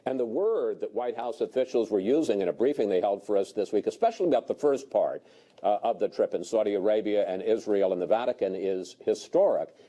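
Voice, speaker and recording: A man moderating a televised political panel, putting brisk, pointed questions to the guests. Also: lowish voice, mellow. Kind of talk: broadcast panel discussion.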